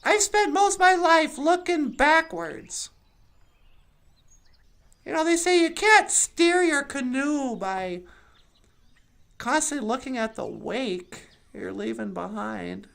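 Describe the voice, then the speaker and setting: A giggly, rambling cartoon woman, as a performer does her voice, talking in a high, sing-song voice that swoops up and down. She takes her time over her words, musing aloud while birds sing around her. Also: lively intonation, slow pace, creaky, pauses often, fairly bright tone, full character voice. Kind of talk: puppet show monologue.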